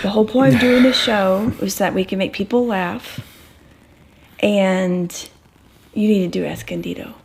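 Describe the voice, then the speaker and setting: A woman co-hosting a casual home vlog, teasing and pushing her co-host with quick interjections. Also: medium pitch, steady tone, vocal fry, darkish tone, slight background noise. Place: home at night.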